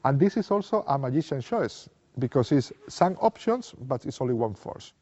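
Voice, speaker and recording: A man's voice: mid-range voice, very animated, normal speed, a little mellow. A man teaching card magic in non-native English, acting out sample lines for a spectator. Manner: non-native English, simple repetitive phrasing. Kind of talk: explaining card magic technique. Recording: long reverb, dull lo-fi sound.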